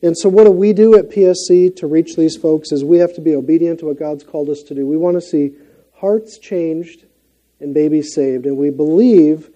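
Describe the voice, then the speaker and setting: A middle-aged man with a Minnesota accent preaching a sermon. His voice sits a little high yet sounds very dark and mellow. He talks in an earnest, conversational way and often pauses on fillers. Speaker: guest preacher.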